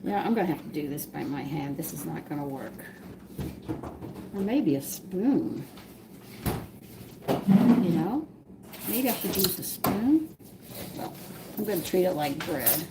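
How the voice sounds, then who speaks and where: A woman's voice: lowish voice, lively intonation, a little slow, gravelly, pauses often, very noisy. A woman hosting a live cooking demonstration from her home kitchen, chatting to viewers as she works dough by hand. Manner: chatty, explains steps while working dough by hand. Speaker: home cooking show host.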